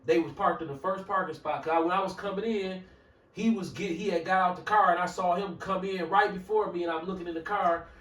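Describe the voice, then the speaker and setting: Milwaukee man, high voice, lively profane storyteller, recorded from far off in a roomy space. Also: brisk. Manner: animated, profane, acts out quoted people, bursts into shouting. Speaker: show regular. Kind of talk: casual storytelling chat. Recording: roomy echo, mic far off.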